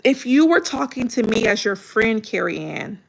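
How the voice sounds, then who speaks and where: A woman coaching content creators in a livestream video critique, talking in a direct, colloquial and animated way. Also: a little high, moderate pace, creaky.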